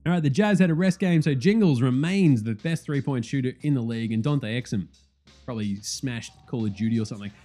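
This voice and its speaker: A man hosting a casual sports podcast, rambling fast and swearing freely. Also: mid-range voice. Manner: animated, profane, fast rambling. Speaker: podcast host.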